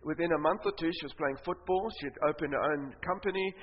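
A man from Africa preaching a sermon, telling a story in an animated way that swings between loud bursts and hushed asides. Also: on the high side, fast talker, slight background noise. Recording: reverberant hall, slightly muffled sound.

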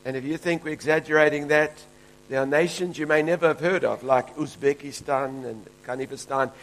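A man's voice: fairly high pitch, fairly even intonation, fairly quick, poor audio. A man from Africa, preaching a fervent, emphatic sermon as pastor. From South Africa.

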